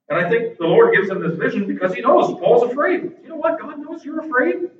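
A man preaching a sermon to his congregation, animated and acting out people's reactions. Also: very high-pitched. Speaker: pastor. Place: church sanctuary. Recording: echoey, distant, dull church recording.

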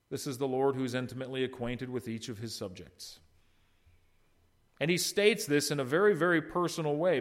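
A man preaching an expository sermon, swinging from loud emphatic peaks to soft low endings, with conversational asides to the congregation. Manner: conversational, teases congregants by name. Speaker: pastor.

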